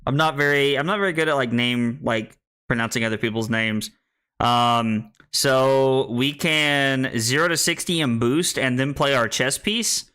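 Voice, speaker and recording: A man's voice: mid-range voice, a little slow, sharp tone, clear, resonant tone. A young American man casually commenting on his card game stream, thinking aloud with many restarts. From United States.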